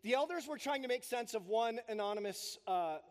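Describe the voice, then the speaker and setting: A man preaching an emphatic sermon as pastor, with big swings between loud punches and quiet drops. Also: very high voice, animated, a little fast. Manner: emphatic, preaching with strong build-ups and drops. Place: church sanctuary. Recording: long reverb of a church hall.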